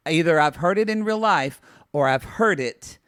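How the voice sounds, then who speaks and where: A man co-hosting a casual podcast, with a slightly high voice that sounds dry and close to the mic. He talks in a chatty, wry way and stands his ground in friendly disagreements. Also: animated, moderate pace, fairly bright tone, clean tone, no echo. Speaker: podcast co-host. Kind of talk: casual chat recapping a reality show.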